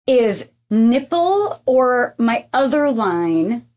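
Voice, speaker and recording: A woman in her forties co-hosts a podcast, playful and animated as she tells stories between laughs. Her voice sits a bit high and swoops lively up and down. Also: very slow. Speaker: podcast co-host. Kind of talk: casual chat.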